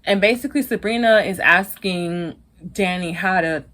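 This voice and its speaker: A woman hosting a casual TV episode recap, retelling scenes in chatty, quick bursts. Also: fairly low pitch, a bit bright. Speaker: TV recap host.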